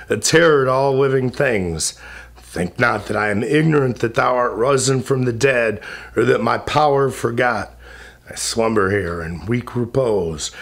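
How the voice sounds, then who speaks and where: A man voicing a tormented, jealous male spectre in a slow, brooding, pained delivery. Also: medium pitch.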